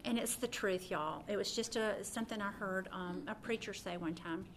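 A woman's voice: medium pitch, normal speed, a little hiss or hum. A middle-aged woman teaching from the Bible in an earnest, personal way, often restarting her sentences.

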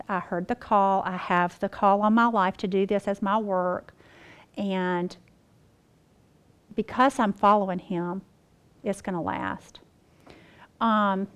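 A woman teaching the Bible to a group, folksy and animated, talking to them as y'all. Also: medium pitch, clean tone.

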